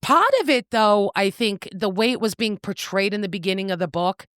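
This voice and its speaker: A woman's voice: mid-range voice, normal speed, a bit bright, no room sound, studio quality. A woman co-hosting a casual book-club podcast, retelling the plot with acted-out quotes and a bit of swearing. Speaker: podcast co-host.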